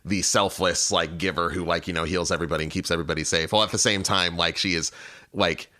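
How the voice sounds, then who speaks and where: A man's voice: sits low, quick pace. A man co-hosting a podcast, casually retelling scenes with lots of swearing and restarts. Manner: profane, animated retelling with frequent restarts. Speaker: podcast co-host. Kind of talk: casual chat.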